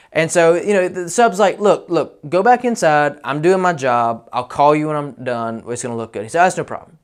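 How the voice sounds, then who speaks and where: Contractor, male, 30s, loose conversational storyteller with fillers and restarts. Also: a little high. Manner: rambling, many fillers and restarts, quotes people in his own voice. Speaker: roofing contractor telling a story. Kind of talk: casual storytelling.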